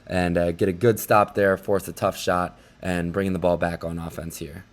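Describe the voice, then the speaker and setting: A young man casually recapping basketball highlights like an excited fan commentator. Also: moderate pace, slight background noise.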